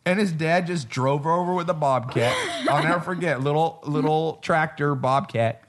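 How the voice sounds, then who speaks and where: A man's voice: fairly high pitch, normal speed. A man talking casually on a podcast, blunt and emphatic, swearing and laughing as he makes his points. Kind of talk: casual conversation.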